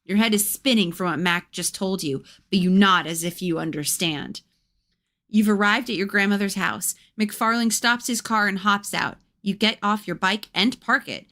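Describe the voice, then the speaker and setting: A woman's voice: medium pitch, normal speed, pushed and bright. A woman streamer reading a gamebook aloud and breaking off for chatty, wry asides.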